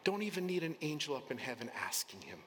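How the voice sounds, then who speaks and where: A male pastor preaching an earnest, emphatic sermon in a church, sometimes dropping to a soft near-whisper. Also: fairly high pitch, sing-song, fast talker, a little hiss or hum. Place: church sanctuary. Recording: long hall reverb, faint room ambience.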